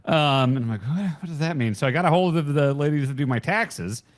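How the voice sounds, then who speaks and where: A man's voice: on the high side, brisk. A man co-hosting a podcast, explaining things in a rambling, wry way with lots of fillers. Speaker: podcast co-host. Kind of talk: casual chat.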